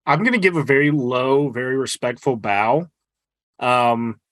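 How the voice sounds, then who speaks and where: A man's voice: mid-range voice, unhurried, a bit bright. A man playing a tabletop role-playing game, speaking hesitantly with many fillers and quoting his character. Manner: hesitant, filler-heavy speech. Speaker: player.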